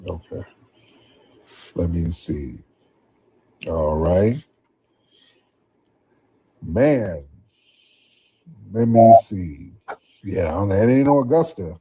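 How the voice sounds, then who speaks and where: A man's voice: low-pitched, animated, extremely slow, pauses often, mellow, a little hiss or hum. A man hosting a call-in talk show, speaking casually and repeating himself in a drawl. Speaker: show host.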